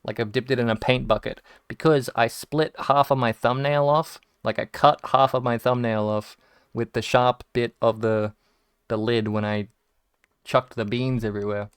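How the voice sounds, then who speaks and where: Playing a game on stream, a young Australian man tells meandering stories packed with restarts and curse words. The studio-quality recording captures his smooth, mid-range voice with fairly even intonation, a moderate pace, and no room sound.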